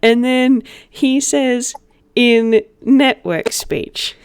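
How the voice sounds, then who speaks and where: A woman narrating a tabletop game as its game master, speaking slowly and gently. Her voice sits a bit high and sounds dry and close. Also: smooth, no room sound.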